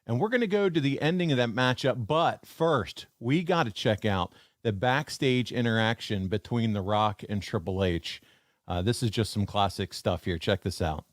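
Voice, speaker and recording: A man's voice: mid-range voice, animated, normal speed, no echo. Enthusiastic man hosting a podcast. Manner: enthusiastic, conversational. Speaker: podcast host. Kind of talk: casual interview.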